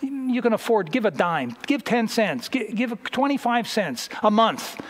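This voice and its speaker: A man preacher voicing a sly, coaxing male devil who tempts people to give less, stretching his words with drawn-out "ooh" sounds. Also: sits high, lively intonation, pitched above the performer's own voice.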